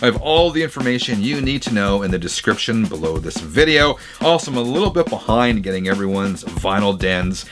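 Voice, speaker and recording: A man's voice: fairly low pitch, very animated, a little fast, hardly any pauses, a bit bright, faint music behind. A man hosting a casual show, reading viewer letters and reacting with chatty enthusiasm, correcting himself now and then. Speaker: host reacting to viewer music rooms.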